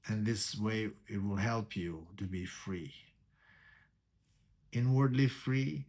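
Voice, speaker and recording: A man leads a meditation teaching with a slightly low voice. He takes his time and speaks slowly and deliberately. He often repeats key words and answers his own rhetorical questions. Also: a little mellow. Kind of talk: spiritual teaching talk.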